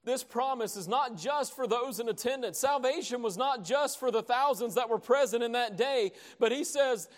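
Impassioned high-voiced preacher in a hall. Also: male voice, normal speed. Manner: impassioned, dramatic swings from soft to loud. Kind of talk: sermon.

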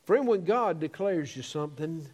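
A man preaching a sermon, swelling into emphatic peaks, stretching out key words and dropping to quiet, low phrases. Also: lively intonation, moderate pace.

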